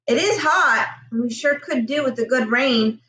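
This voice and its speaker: A woman's voice: high voice, normal speed, pushed and bright. A woman voicing a shy, eager young country boy in a storybook reading, earnest and polite. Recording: roomy echo, distant mic.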